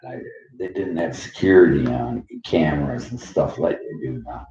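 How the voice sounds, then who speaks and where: A man's voice: a bass voice, sing-song, normal speed, a little mellow, reverberant, muffled recording. A middle-aged man from Canada rambling through personal stories in a loose monologue, laughing often and jumping between topics. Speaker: vlogger.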